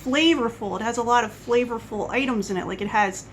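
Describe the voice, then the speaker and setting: A woman's voice: on the high side, brisk, a little hiss or hum, rough recording. A woman vlogger talking at home in a casual coffee-chat monologue, rambling and wandering off on tangents. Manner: rambling, chatty, goes off on tangents.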